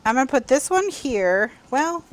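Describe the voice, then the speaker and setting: A woman's voice: sits high, very animated, normal speed. A woman hosting a casual crafting livestream from home, chatty and apologetic, laughing often.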